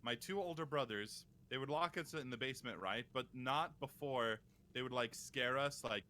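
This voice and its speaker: A man's voice: medium pitch, moderate pace, sharp tone. A man chatting casually on a livestream during a card game, telling childhood stories with an easygoing, laughing manner. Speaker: livestream guest.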